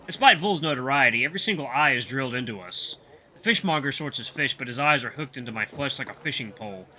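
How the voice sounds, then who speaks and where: A man reading a story game aloud in expressive first-person narration. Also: mid-range voice.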